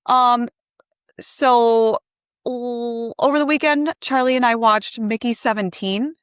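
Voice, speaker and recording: A woman's voice: a little high, takes it slowly, clear, resonant tone, dry recording, studio quality. A woman co-hosting a movie podcast in casual chat, chatty and playful. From Michigan. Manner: chatty, playful, easily laughing. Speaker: podcast co-host.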